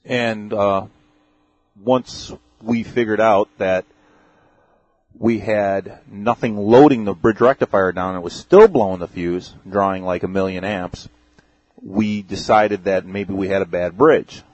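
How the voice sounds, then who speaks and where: A man's voice: on the low side, a little slow, darkish tone, dry recording. A man on a podcast, explaining a repair in a plain, matter-of-fact, step-by-step way. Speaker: podcast guest. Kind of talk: casual technical explanation. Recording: dull, dry lo-fi audio.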